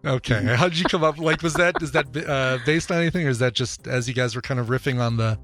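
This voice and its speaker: A man's voice: medium pitch, fairly bright tone, faint music behind. A man hosting a podcast, talking casually with many fillers and restarts. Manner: halting, lots of fillers and restarts. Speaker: podcast host.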